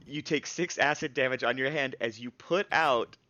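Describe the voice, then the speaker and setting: A man's voice: mid-range voice, a crowd in the background. Male game master, hesitant live-stream narration, muffled lo-fi sound. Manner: halting, full of fillers and restarts.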